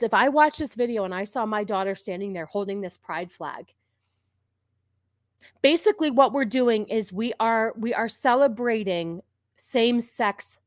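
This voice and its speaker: A woman's voice: mid-range voice, dry recording, studio quality. A woman in her forties hosting a live stream, commenting on videos in a sarcastic, profane, ranting way. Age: 40s. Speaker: streamer host.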